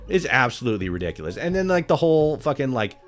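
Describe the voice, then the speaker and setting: A man's voice: medium pitch, fast, faint music behind. Sweary rambling male streamer. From Europe. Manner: swears constantly, rambling with many restarts, bursts into loud excitement. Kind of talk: casual livestream chat while gaming.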